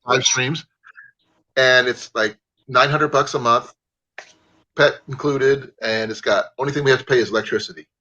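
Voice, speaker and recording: A man's voice: medium pitch, steady tone, normal speed, bright, forceful tone. A man hosting a livestream, chatting casually and easygoingly with callers and often restarting his sentences. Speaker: livestream host. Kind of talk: casual video-call chat. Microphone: livestream call audio. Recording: lo-fi livestream audio.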